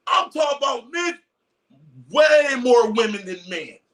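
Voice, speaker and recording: A man rants in a loud, mocking way, swearing freely and shouting at times. His voice sits high and sounds bright and sharp. He is some way back from the mic. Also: lively intonation, a little slow, distant mic. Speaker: commentary streamer. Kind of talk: casual trial commentary rant.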